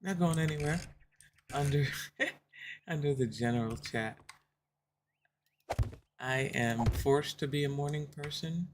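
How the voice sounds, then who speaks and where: A woman's voice: a bass voice, a little hiss or hum. A woman streaming a game, chatting casually with her viewers, laughing often and telling stories from home.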